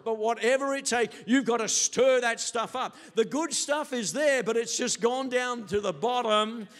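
High-voiced older pastor preaching. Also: male voice, moderate pace. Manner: animated storytelling with acted quotes. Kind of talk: sermon.

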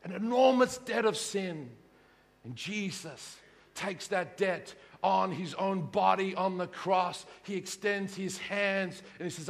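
High bright-voiced preacher in a hall. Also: male voice, a little slow. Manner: dynamic, swinging from hushed to shouting. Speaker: pastor. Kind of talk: sermon.

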